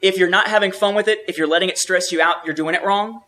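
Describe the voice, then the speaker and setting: A man with a high, bright, forceful voice talks casually. He explains things thoughtfully and at length, with a few restarts along the way. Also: fairly even intonation, quick pace. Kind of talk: casual chat.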